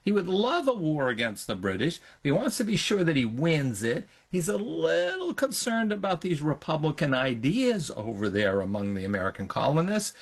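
A middle-aged man, a history professor, giving lively explanatory answers in an interview. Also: on the high side, normal speed, hardly any pauses, breathy edge. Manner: animated, acts out historical voices in quotes.

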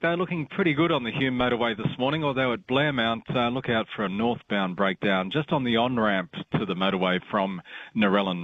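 An Australian man giving a live radio traffic report, steady and matter-of-fact, pausing on uhs. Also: on the low side, no room sound. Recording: dull, lo-fi line.

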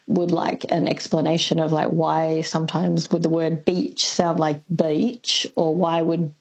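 Husky woman explaining carefully. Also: deep voice, flat delivery, a little slow, a little mellow, rough recording. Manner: thoughtful, hesitant with many ums. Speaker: linguist guest. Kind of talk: radio interview.

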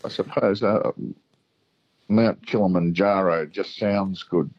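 A man's voice: low voice, fairly even intonation, slow, darkish tone, no room sound. A man calling in to a radio quiz, easygoing and hesitant as he guesses. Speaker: caller. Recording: muffled phone line.

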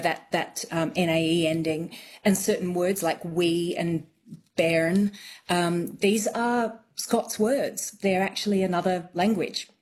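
A woman's voice: fairly low pitch, a little mellow. A woman accent coach as a radio guest, explaining thoughtfully with frequent ums.

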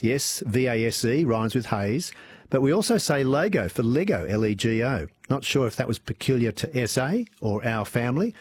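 A man with an Australian accent hosting an evening talk radio show, chatting warmly with listeners and swooping up and down as he talks. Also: mid-range voice, slightly rough. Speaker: radio host. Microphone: studio microphone.

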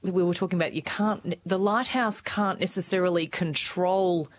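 A woman's voice: fairly low pitch, fairly even intonation, normal speed. A woman, co-hosting a radio show, enthusiastic and reflective in casual chat. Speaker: radio co-host.

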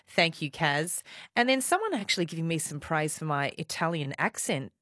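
Upbeat Australian woman fronting a talk show; chatty, bright delivery on a dry studio mic. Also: sits low, big pitch swings, normal speed, dry recording. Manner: bubbly, chatty, reads listener texts aloud. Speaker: radio host. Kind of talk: live radio talk show. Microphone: studio microphone.

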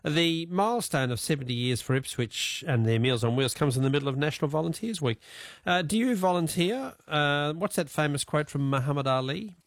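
A man's voice: on the high side, animated, brisk, hardly any pauses, dry recording. A man hosting a talkback radio show, chatting casually with callers and musing aloud with frequent chuckles. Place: radio studio.

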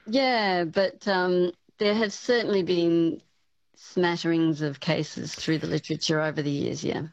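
A woman who is a speech pathology professor, answering questions in a radio interview in a measured, explanatory way with frequent fillers. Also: on the low side, steady tone, a little mellow, no echo, dull audio.

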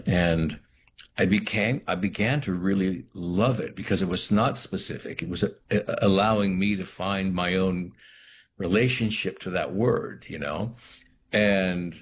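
Middle-aged man, very low register, reflective and halting; faint background ambience. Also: slight background noise. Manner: thoughtful, halting, many restarts. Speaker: actor, interview guest. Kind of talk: reflective interview talk.

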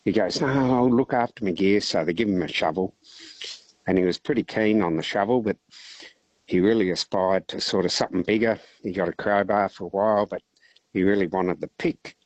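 An Australian man calling in to a radio show, telling a long joke in a relaxed, rambling way. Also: low-pitched, brisk, dry recording, low-quality recording. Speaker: caller.

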